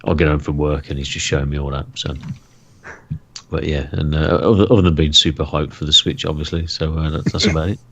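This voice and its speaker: A man co-hosting a gaming podcast, talking in halting casual chat full of restarts. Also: rumbling low, level tone, fairly bright tone, lo-fi sound. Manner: halting, many restarts and fillers. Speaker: podcast co-host.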